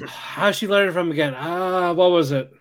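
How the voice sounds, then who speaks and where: A man's voice: high voice, moderate pace. A man from Vermont co-hosting an anime podcast, laid-back and casual, swearing as he recaps episodes. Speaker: podcast co-host.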